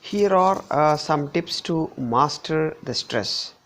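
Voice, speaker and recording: A middle-aged male English teacher with an Indian accent works through pronunciation drills at a very unhurried pace. His voice sits a little high for a man and carries a gravelly, creaky texture. He says each example word again and again, pushing hard on the stressed syllable. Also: lively intonation, a bit bright. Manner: repeats words slowly with exaggerated stress. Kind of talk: slide-based pronunciation lesson.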